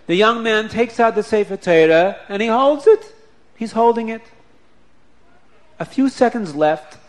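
A man telling a story aloud, animated and repeating phrases for emphasis. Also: high-pitched, a little slow, pauses often. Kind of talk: oral storytelling.

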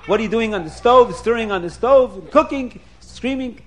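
Brief: man doing an outraged elderly rabbi, high voice, scolding everyone at full volume. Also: lively intonation. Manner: indignant yelling, rapid scolding. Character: stubborn older male rabbi, shouting rules.

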